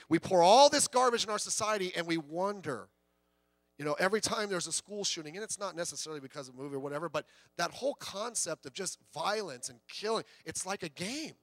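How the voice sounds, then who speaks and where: A man's voice: sits high, fairly bright tone, dry recording. A man preaching a sermon as pastor, in a conversational way with stories and quoted voices.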